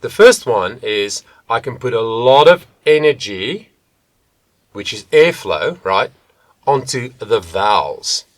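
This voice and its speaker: A man working as a vocal coach, teaching vocal technique to the camera and shifting between soft and loud demonstrations. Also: mid-range voice, very animated, slow, no room sound.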